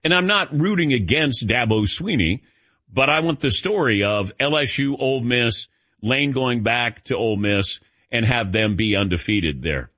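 A man's voice: medium pitch, lively intonation, moderate pace, sharp tone, dry recording. A man hosting a sports radio show, chatting casually, joking and telling anecdotes. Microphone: studio mic. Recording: dull, dry studio sound.

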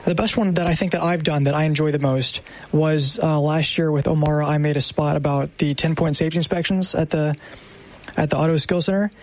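Young male radio producer, chatty and upbeat, light higher voice. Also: fairly even intonation, a little fast. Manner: upbeat, self-deprecating, chatty. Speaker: military radio producer and voice actor. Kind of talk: casual chat.

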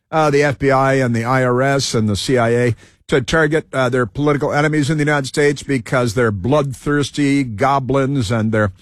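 This talk show host speaks at medium pitch in a dry studio recording, giving a meandering opinion monologue. He drifts between topics, stumbles, repeats himself and fills gaps with lots of fillers.

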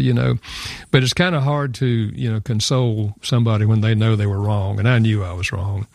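Gravelly older man telling a story. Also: fairly low pitch, fairly even intonation, moderate pace, dry recording, clean studio sound. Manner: earnest, reflective, with fillers and laughs. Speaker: author and guest. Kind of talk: personal storytelling in a radio interview.

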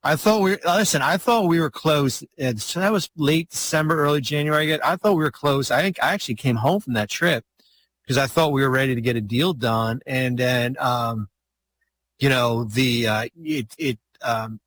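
A man's voice: medium pitch, moderate pace, fairly bright tone, a little hiss or hum. A middle-aged man telling a long story in a casual podcast chat, rambling with many restarts and fillers. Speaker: guest storyteller, former basketball executive.

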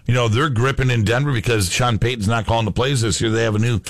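A man's voice: medium pitch, steady tone, quick pace, no room sound. A man co-hosting a sports talk show, casual and jokey, bantering with his partner. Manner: jokey, banters, throws in put-on accents. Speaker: sports radio co-host.

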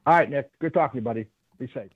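A man's voice: mid-range voice, very fast, breathy edge, no room sound. A man who is a former football coach, calling into a radio show as a guest and talking in a rambling, folksy way with many fillers. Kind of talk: phone-in radio interview. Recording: tinny phone line.

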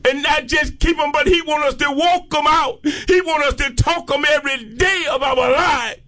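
A man preaching a fervent sermon, rising into shouted peaks and stretching out his phrases. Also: very high voice, normal speed.

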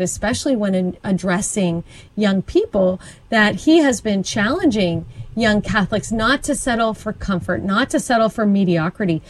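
A woman's voice: medium pitch, a little mellow, rough recording. A woman chatting about church events in an upbeat, informative way, with the occasional restart. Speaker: co-host. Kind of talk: conversational Catholic radio chat.

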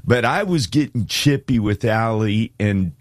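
A man's voice: fairly low pitch, lively intonation, a little slow, no echo, studio quality. A male radio co-host in casual on-air chat, jovial and teasing, laughing often.

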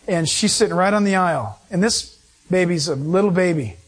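A man preaching a sermon, telling stories with animated delivery and acting out other people's voices. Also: high voice, brisk. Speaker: pastor.

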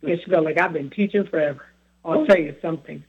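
A man's voice: fairly high pitch, quick pace, breathy edge. A man with a sore throat, a guest in a casual chat, earnestly telling family stories. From Philadelphia. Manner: storytelling, earnest. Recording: phone-like line.

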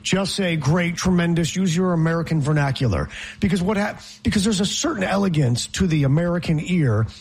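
A man co-hosting a casual podcast chat, teasing and ranting with a husky voice. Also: a little high, animated, fairly quick, darkish tone. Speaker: podcast co-host.

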